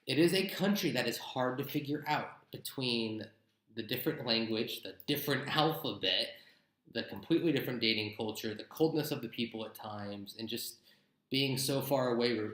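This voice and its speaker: A man's voice: medium pitch, moderate pace, fairly bright tone, reverberant, poor audio. A young man giving blunt, chatty travel advice in a casual vlog. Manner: chatty, blunt, gives tips with mock examples. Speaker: travel vlogger.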